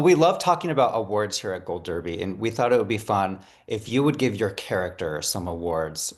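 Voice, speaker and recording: A man interviewing an actor, asking measured, friendly questions. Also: lowish voice.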